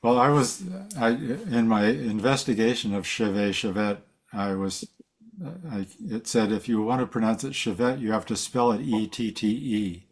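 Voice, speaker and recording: A man's voice: lowish voice, moderate pace. A man giving a casual slide talk at a seminar, rambling and correcting himself as he goes. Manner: rambling, self-correcting, chuckles. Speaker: seminar presenter.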